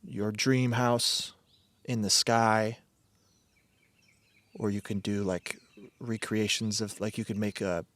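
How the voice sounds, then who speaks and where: A man's voice: fairly low pitch, flat delivery, takes it slowly, long pauses, fairly bright tone, dry recording. A man hosting a solo podcast, rambling and swearing, often breaking off mid-sentence to start again. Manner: digressive, profane, self-interrupting. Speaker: podcast host.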